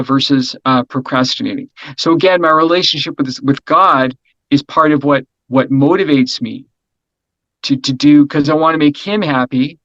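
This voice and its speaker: Man, middle-aged, interview guest, energetic, rambling, slightly high voice, dry dull recording. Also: no echo. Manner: energetic, rambling, repeats words, frequent "right?". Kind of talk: casual conversational interview.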